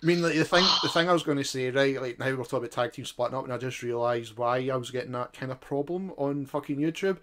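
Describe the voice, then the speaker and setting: A man hosting a wrestling chat show, halting and swearing as he talks. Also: mid-range voice, fairly bright tone. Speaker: podcast host.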